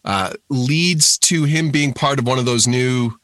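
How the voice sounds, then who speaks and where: Bright, dry-sounding man rambling eagerly. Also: medium pitch, measured pace, no room sound. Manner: rambling and enthusiastic, frequent restarts. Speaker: podcast panelist. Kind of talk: casual podcast chat.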